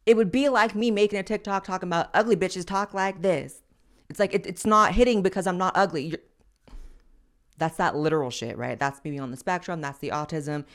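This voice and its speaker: Young woman host, low-pitched, brash and profane commentator. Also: a little fast. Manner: crude, sassy, profane. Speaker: podcast host. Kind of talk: blunt commentary on social media clips.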